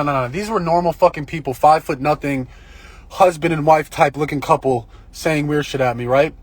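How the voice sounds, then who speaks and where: A man telling a long story on a phone livestream, in a profane, rambling and excitable way. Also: sits high, dry recording. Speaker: live-streamer. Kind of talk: casual live-stream storytelling.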